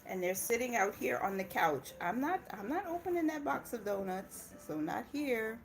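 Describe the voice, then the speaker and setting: A woman's voice: on the high side, big pitch swings, moderate pace, creaky, faint music behind. A young woman from Indiana chatting casually on a livestream, laughing often and breaking off to talk to her kids. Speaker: personal finance channel host.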